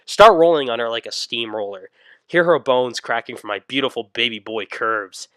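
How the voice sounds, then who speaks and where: A man narrating a comic internet greentext story, mostly deadpan but breaking into sudden yelled outbursts. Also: medium pitch, normal speed, no echo.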